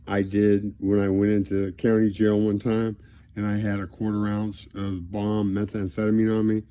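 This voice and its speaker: A man rambling grandly in a direct-to-camera monologue, drifting between loud declarations and low mumbles. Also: completely flat delivery, normal speed, clear, resonant tone. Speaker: vlogger addressing a celebrity.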